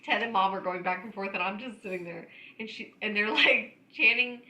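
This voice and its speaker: A woman co-hosting a podcast tells funny family stories in a casual chat, animated and laughing often. Her mid-range voice moves at a quick pace, but the audio is poor and reverberant.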